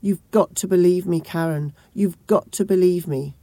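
A woman voicing a volatile young husband who flies into yelling rages and then pleads through tears. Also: fairly low pitch, moderate pace, no room sound. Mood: tearful pleading.

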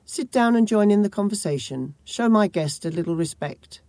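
A woman voicing a volatile young husband who flies into yelling rages and then pleads through tears. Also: mid-range voice, lively intonation, moderate pace, no echo, natural voice. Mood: harsh.

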